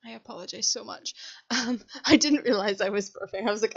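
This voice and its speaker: A young adult British student chats over a game build, rambling and joking at her own expense. She talks fairly quickly at a medium pitch, with vocal fry and a breathy edge, and her desk mic cuts off the high frequencies.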